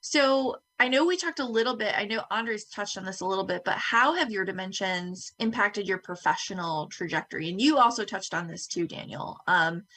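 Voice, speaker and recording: A woman moderating a conference panel, thanking speakers and asking questions in a measured way. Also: mid-range voice. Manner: warm thanks, measured, many ums.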